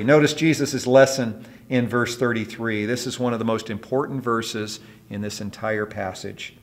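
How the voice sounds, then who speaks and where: A man's voice: medium pitch, fairly even intonation, normal speed. A man preaching a sermon as pastor, emphatic and asking rhetorical questions of the congregation.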